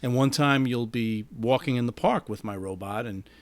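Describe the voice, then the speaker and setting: Deadpan man reading his own story. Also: medium pitch, moderate pace, dry recording. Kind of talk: reading a short story aloud. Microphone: microphone.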